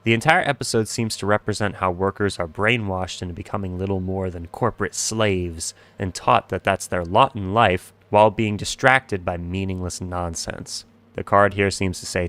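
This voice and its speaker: A man's voice: deep voice, moderate pace, hardly any pauses, a bit bright. A man talking through a video analysis of a show in a wry, joking and speculative way. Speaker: commentary host.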